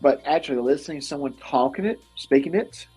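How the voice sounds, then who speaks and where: A man's voice: on the high side, animated, brisk, a little mellow, slightly rough, soft background music, rough recording. A middle-aged man with a Southern accent hosting a casual podcast, rambling and laughing often at himself. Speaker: host.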